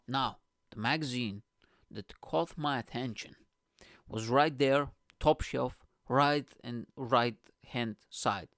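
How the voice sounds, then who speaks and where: A male comedian hosting his own show, ranting in a profane, animated, mocking way with sudden jumps in his voice. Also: mid-range voice, no room sound, clean studio sound. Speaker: comedian and podcast host. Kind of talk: solo comedy rant.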